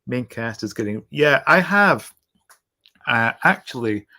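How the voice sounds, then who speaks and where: Male live-stream host, rambling and halting, ordinary mid-pitched voice. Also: animated, sharp tone. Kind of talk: casual live-stream chat.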